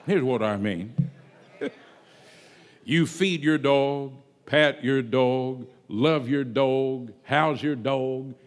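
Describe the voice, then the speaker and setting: A man preaching a sermon to a congregation, swinging between soft asides and loud, drawn-out emphatic words. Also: mid-range voice. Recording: long reverb of a large hall.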